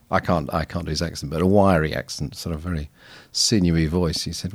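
Man, low voice, podcast guest, thoughtful and anecdotal, restarts often. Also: fairly quick, vocal fry, slightly rough. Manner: reflective, anecdotal, frequent restarts. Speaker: guest missiologist. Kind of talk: casual podcast conversation.

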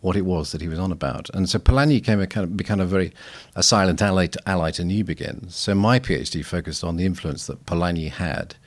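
Deep-voiced reflective man. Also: fast, hardly any pauses. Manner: reflective, anecdotal, frequent restarts. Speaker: guest missiologist. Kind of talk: casual podcast conversation.

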